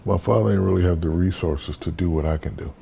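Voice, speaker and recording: A man in his fifties from the United States, an interview guest telling stories in a relaxed, casual way and acting out the voices in them. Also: deep voice, quick pace, gravelly, slight background noise. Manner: relaxed storyteller, acts out quoted dialogue.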